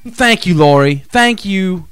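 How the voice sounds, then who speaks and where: A man's voice: high-pitched, animated, slow, a bit bright, clear, resonant tone, no echo, studio quality. A man co-hosting a radio show, joking around and hamming up Aussie slang. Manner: goofy, hams up Aussie slang. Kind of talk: joking on-air banter.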